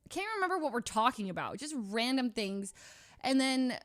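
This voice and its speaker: A woman's voice: a little high, big pitch swings, normal speed, no echo. Young woman, streamer, casual storytelling, rambling, filler-heavy, laughs often, dry sound. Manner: rambling, heavy use of "like" and restarts, frequent laughter.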